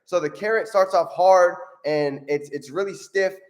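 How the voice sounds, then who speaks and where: A man's voice: high voice, moderate pace. A man hosting a motivational video, who talks with energy and keeps tagging "right?" onto his points while he tells a story. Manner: energetic, upbeat, repeats "right?". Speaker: motivational vlogger.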